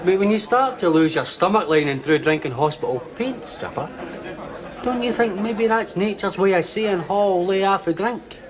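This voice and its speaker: A man's voice: sits high, expressive, normal speed, crowd noise. A wry, smug Scottish barman. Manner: wry, mock-reasonable. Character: smug, sarcastic male barman. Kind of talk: sitcom acting.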